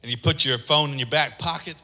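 A pastor preaches fast in a slightly high, sharp-toned voice, belting out impassioned, sung lines. He acts out the voices of people in his anecdotes, and the recording carries a long hall reverb.

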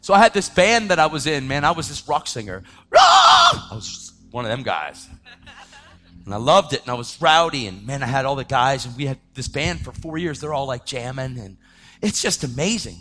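A man preaching his testimony in a dramatic storytelling style, swinging between loud outbursts and hushed tones. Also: mid-range voice, animated, fairly quick, faint music behind. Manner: acts out the voices of people in his story. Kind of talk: testimony sermon.

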